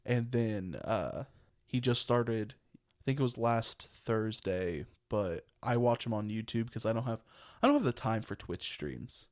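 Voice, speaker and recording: A man's voice: fairly low pitch, measured pace. Chatty young man rambling on a podcast. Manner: rambling, chatty, laughs often. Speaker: podcast co-host. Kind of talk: casual podcast chat.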